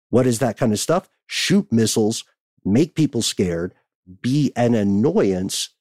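A man's voice: lowish voice, a little mellow, breathy edge, no room sound. A man hosting a podcast, reading listener letters aloud and chatting casually, often laughing.

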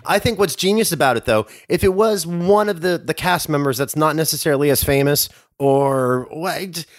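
A man co-hosting a podcast, chatting casually about politics and comedy, animated and rambling with lots of restarts. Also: on the high side, moderate pace, no room sound, studio quality. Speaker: podcast co-host.

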